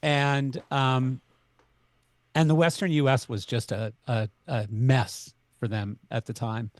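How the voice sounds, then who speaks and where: A man's voice: mid-range voice, steady tone, slow pace, dry recording. A middle-aged man from Canada, a podcast guest, telling stories in conversation and acting out both sides of the dialogue. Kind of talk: conversational storytelling.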